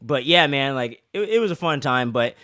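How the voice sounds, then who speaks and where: A man co-hosting a casual review show, rambling and swearing as an excited fan. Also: medium pitch, moderate pace, no echo, clean studio sound. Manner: rambling, profane, excitable fan talk with many fillers. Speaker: podcast co-host reviewing an episode.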